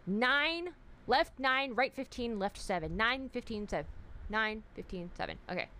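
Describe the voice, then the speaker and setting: A woman's voice: fairly high pitch, animated, measured pace, pushed and bright, a little hiss or hum. A woman streamer, giving jumpy live commentary on a horror game, shrieking in fright and chatting with her viewers.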